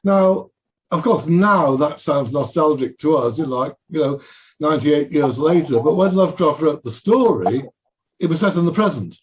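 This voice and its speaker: A man's voice: fairly high pitch, expressive, normal speed. An older man, a guest writer, talking in a casual podcast discussion, hesitant and full of restarts. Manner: hesitant, many restarts and fillers.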